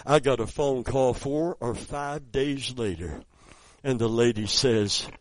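A man preaching a sermon, telling a story softly and then rising into loud, high exclamations. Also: unhurried, no echo, rough recording.

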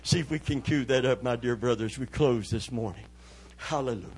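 A man's voice: medium pitch, a little fast, darkish tone. A man preaching a church sermon, building to fervent cries of hallelujah. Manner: preaching with rising fervor, calling out hallelujahs. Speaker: pastor.

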